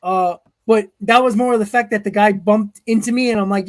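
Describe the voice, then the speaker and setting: A man's voice: sits high, fairly even intonation, fairly quick. A man hosting a live stream, reading chat comments and telling stories in a casual way, often chuckling. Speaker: host.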